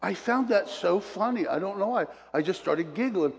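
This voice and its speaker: Male preacher, kinda high voice, tells stories and chuckles, long echo like a big church. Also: lively intonation, moderate pace, creaky. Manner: storytelling, chuckles between points, acts out quotes. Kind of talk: sermon with personal stories. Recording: long hall reverb.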